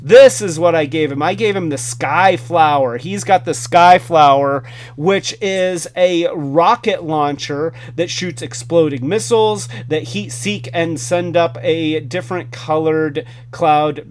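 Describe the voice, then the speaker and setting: A man's voice: a little high, slow pace. A man hosting a casual hands-on toy review, enthusiastic and rambling. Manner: enthusiastic, rambling with fillers and restarts.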